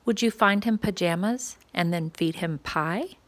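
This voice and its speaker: A woman reading a rhyming picture book aloud to preschoolers, asking playful questions in a gentle, sing-song way. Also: fairly low pitch, unhurried. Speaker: children's story reader.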